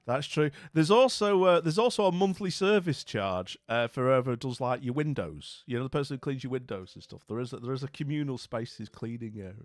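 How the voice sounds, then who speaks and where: A man's voice: medium pitch, a little fast, few pauses, dry recording. A man from northern England, chatting casually and at a ramble while live streaming a game, with many asides like "you know what I mean".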